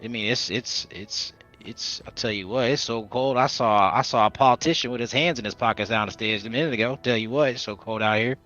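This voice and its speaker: A man's voice: mid-range voice, fairly quick, few pauses, sharp tone, dull audio, soft background music, natural voice. A man doing a folksy rabbit-eared charmer. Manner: folksy drawl, stammering.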